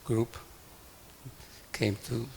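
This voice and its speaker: A man's voice: extremely slow, long reverb tail, a little hiss or hum. A man in a class telling an anecdote, acting out the quoted dialogue as he goes. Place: temple hall.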